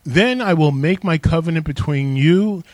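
Male pastor, sermon delivery, emphatic, slightly higher voice, dry close sound. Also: moderate pace, a little mellow, dry recording. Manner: emphatic, calls on the congregation to respond.

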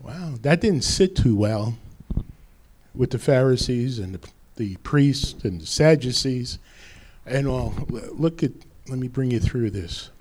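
A man's voice: medium pitch, expressive, unhurried, a little mellow. A man preaching a sermon as pastor, quoting scripture with rising emphasis.

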